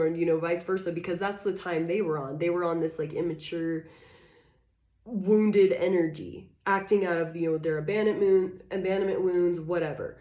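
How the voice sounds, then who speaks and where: A woman with a deep, low voice gives a rambling, frank tarot reading, packed with fillers and interrupted by frequent coughing. The sound is echoey, as if she is in a bare room. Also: normal speed, warm tone. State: coughing repeatedly. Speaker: tarot reader. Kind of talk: casual channeled tarot reading.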